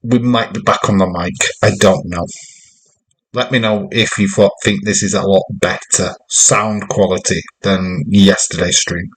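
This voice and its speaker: A man's voice: low-pitched, steady tone, measured pace, low-quality recording. Chatty man streaming a wrestling watch-along. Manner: chatty, rambling, jokey. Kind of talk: casual live watch-along commentary.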